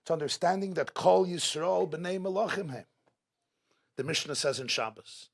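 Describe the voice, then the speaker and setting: This inspirational speaker at a religious gathering has a voice on the high side with vocal fry, and he talks at a moderate pace in a community event hall. He leans on rhetoric, repeating his questions to drive points home.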